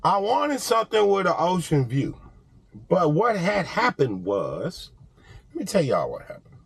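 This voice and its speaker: A man's voice: sits high, a little slow, creaky, slightly rough, no room sound. A man talking casually to camera in a vlog, telling stories with lots of swearing and laughter. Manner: animated storytelling, profane, laughs often. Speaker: vlogger.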